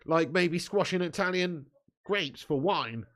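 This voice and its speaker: A chatty man hosts a live football watch-along with a slightly high voice. He reads viewer comments aloud, teases the people who sent them and breaks into laughter often. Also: slow pace, a bit bright. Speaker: live stream host.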